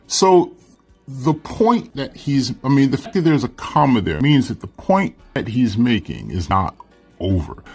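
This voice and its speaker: A man teaching a lesson, explaining a text in a relaxed, conversational way and checking in with frequent "right?" and "you know". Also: mid-range voice, breathy edge.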